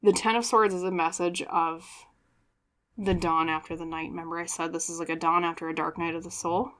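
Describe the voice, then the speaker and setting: A woman's voice: lowish voice, level tone, a little fast, a bit bright. A woman giving a pick-a-card tarot reading, chatty and earnest, often checking in with "okay?" and apologizing as she goes. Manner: earnest and apologetic, openly emotional. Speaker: tarot reader.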